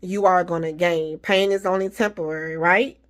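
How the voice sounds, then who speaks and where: A woman's voice: lowish voice, fairly even intonation, moderate pace. A woman talking casually to her viewers, giving faith-filled encouragement and repeating her reassurances. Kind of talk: casual motivational talk.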